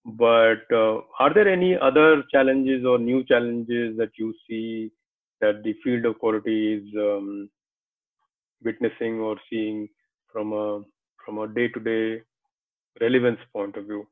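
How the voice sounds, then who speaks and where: A man hosting an interview, affirming his guest in a measured way with frequent hesitations. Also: lowish voice, fairly even intonation. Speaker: interview host. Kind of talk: conversational interview. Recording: tinny phone-like call audio.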